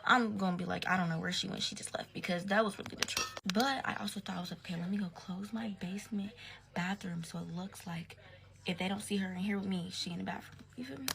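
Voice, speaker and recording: A woman's voice: medium pitch, steady tone, quick pace, vocal fry, background noise. A young woman telling a casual storytime in slangy, profane talk, sometimes dropping to a whisper.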